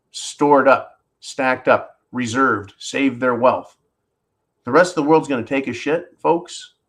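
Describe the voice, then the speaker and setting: Male livestream host, mid-pitched, blunt and profane, ranting commentary. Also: fairly bright tone.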